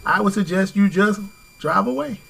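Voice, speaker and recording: A man's voice: high-pitched, lively intonation, moderate pace, creaky, pushed and bright, slightly rough, low-quality recording. A man giving safety advice on a talk radio show, talking conversationally, laughing easily and restarting his sentences. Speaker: safety expert guest.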